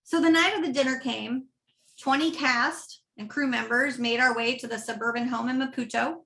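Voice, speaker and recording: A woman's voice: high-pitched, steady tone, moderate pace, fairly bright tone. A woman pastor preaching a sermon in a conversational way, often checking in with the congregation. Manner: conversational, often asking "right?". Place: church.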